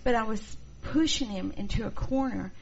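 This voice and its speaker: A middle-aged woman teaching a church class, expressive and acting out the people she quotes. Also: fairly high pitch, normal speed, vocal fry. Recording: dull lo-fi recording, faint noise.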